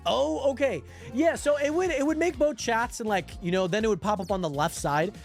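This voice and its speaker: A young man live-streaming a game, chatting excitably to his viewers and greeting them by name, with lots of "like" and "hold on". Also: very high voice, a little fast, gravelly, soft background music. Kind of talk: casual livestream chat while gaming.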